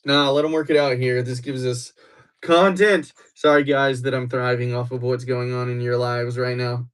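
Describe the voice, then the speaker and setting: A man chats loosely with his livestream viewers, teasing them playfully, breaking into excited bursts as he reacts to them before easing back into relaxed banter. His pitch is right in the ordinary middle range for a man, and he speaks smoothly at a normal speed.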